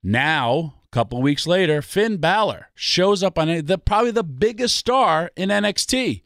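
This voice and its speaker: A man's voice: sits high, animated, normal speed, a bit bright, no echo, studio quality. A man ranting about wrestling on a talk show, emphatic and full of rhetorical questions. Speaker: wrestling podcast guest. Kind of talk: passionate ranting commentary.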